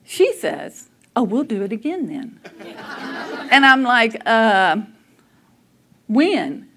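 A middle-aged woman, telling a family story to a church audience, animated and often laughing as she acts out what people said. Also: on the high side, slow, a faint crowd, slight background noise.

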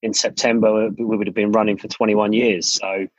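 A man's voice: fairly low pitch, level tone, a little fast, no room sound. A middle-aged English man, a studio founder, chatting casually as a podcast guest and telling stories with frequent restarts. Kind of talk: casual interview storytelling. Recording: dull lo-fi podcast audio.

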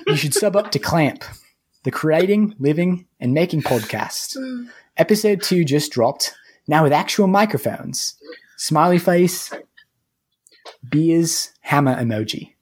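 A man's voice: on the high side, animated, a little slow, darkish tone, slightly rough. A man reading a listener review aloud in a hammy, put-on Australian accent, biting down on each word for comic effect. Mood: mock Australian. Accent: mock Australian.

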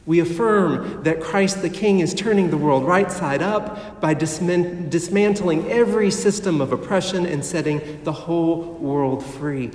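Guy preaching a sermon real slow, kinda high voice, echoey church, mic far away. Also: darkish tone. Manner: slow, measured preaching with dramatic pauses. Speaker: pastor. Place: church sanctuary. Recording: echoey hall heard from a distance.

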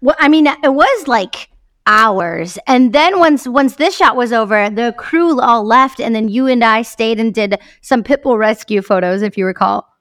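A woman's voice: a little high, expressive, a little slow, a bit bright, no room sound, clean studio sound. A woman co-hosting a podcast, chatting in a casual, enthusiastic way and laughing often. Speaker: podcast co-host. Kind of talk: casual chat.

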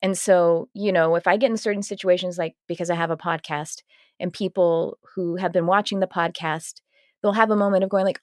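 Low-voiced woman podcast host, dry sound. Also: steady tone, a little fast, no room sound. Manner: rambling, restarts, acts out quoted voices. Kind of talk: casual podcast conversation.

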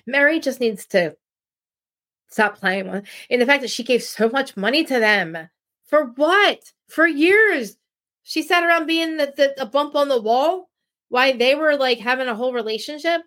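A woman's voice: high voice, normal speed. A woman hosting a podcast, chatting casually and ranting about reality TV, rambling with many restarts. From New Jersey. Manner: rambling, animated, rants with frequent restarts. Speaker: podcast host. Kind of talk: casual chat.

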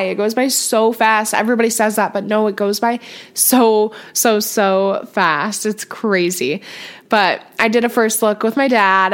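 A woman's voice: mid-range voice, fairly bright tone. A young woman hosting a podcast in casual chat, gushing and chatty, with lots of "like" fillers. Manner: chatty, gushing, says "like" often. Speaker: podcast host.

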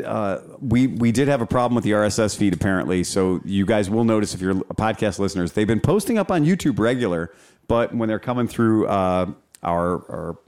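Podcast host guy, rambly and sweary, lowish voice, lots of restarts. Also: a little mellow. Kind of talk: casual chat.

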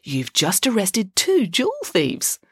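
A woman's voice: lowish voice, sing-song, breathy edge, dry recording, clean studio sound, voice pushed up. A woman voicing a bossy, very confident know-it-all girl who talks smugly and persuasively in a storybook reading. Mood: soothing. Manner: smug, persuasive, fast-talking.

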